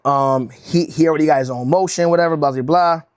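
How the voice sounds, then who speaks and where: Young streamer guy, slightly high voice, loose slangy storytelling, lots of bro, for a casual vlog read. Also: brisk, clean tone, no echo, studio quality. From Connecticut, USA. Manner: slangy and rambling, says bro a lot, restarts often. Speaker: rug-making livestreamer.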